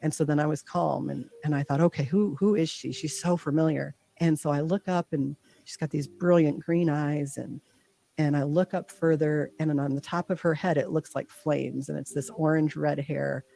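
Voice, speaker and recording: A woman guest earnestly recounting a deeply personal experience, acting out her own thoughts in quotes. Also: creaky, mellow. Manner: earnest, heartfelt. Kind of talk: personal storytelling.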